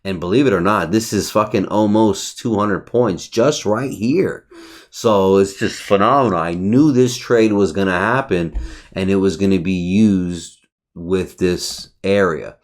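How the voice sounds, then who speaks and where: A man's voice: deep voice, measured pace. A man reviewing his day's trades over a chart in casual, profane, brash talk. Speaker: trading educator.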